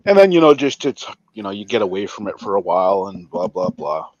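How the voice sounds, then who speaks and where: A man's voice: deep voice, big pitch swings, normal speed, a little mellow, no room sound, muffled recording. A man joining an online chat as a guest, easygoing and rambling.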